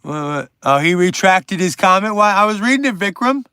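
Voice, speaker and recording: A man's voice: sits high, lively intonation, moderate pace, pushed and bright, smooth, no echo, clean studio sound. A man in his forties hosting a casual livestream, chatting with viewers and reading their comments in a rambling, profane, self-deprecating way. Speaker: livestream host.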